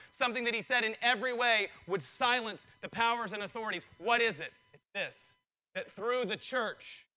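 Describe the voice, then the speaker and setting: A male pastor preaching a sermon, excitable and building in intensity, his voice strained from preaching. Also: high-pitched, low-quality recording.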